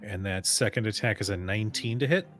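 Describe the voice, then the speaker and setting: A man narrating as game master of a tabletop game, in a relaxed, measured way with fillers. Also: lowish voice, faint music behind.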